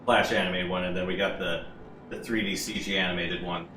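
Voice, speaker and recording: A man hosting a casual let's-play, chatting with friends in a relaxed, rambling way while he plays. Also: low-pitched, brisk, slight background noise. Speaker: game player and host. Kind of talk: casual gameplay commentary.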